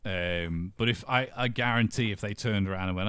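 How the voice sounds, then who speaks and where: A man's voice: lowish voice, brisk, fairly bright tone, clean tone. A man co-hosting a casual podcast chat, rambling and laughing often. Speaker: podcast co-host.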